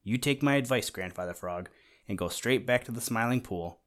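A man's voice: medium pitch, moderate pace, fairly bright tone, close to an everyday voice. A man doing an earnest little meadow mouse. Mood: earnest, worried. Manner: earnest, advising. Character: small fretful male meadow mouse. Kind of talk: storybook reading.

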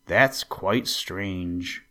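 A man voicing a sorrowful, sobbing male Mock Turtle in a storybook reading, speaking slowly and mournfully. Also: medium pitch, big pitch swings. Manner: slow, mournful delivery.

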